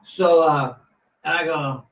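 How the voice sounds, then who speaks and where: Extremely slowly and in a fairly high voice, a former boxer in his fifties relates a long, casual anecdote. It rambles, animated and full of restarts and asides, and a distant mic picks him up in a roomy space with faint noise.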